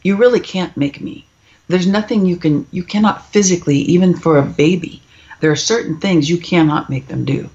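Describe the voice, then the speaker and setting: A woman's voice: on the low side, normal speed, darkish tone, highs cut off. A middle-aged woman, a parenting author, speaking emphatically as a podcast guest and acting out quoted voices in her stories. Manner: emphatic, storytelling, acts out quoted kids and parents. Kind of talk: podcast interview.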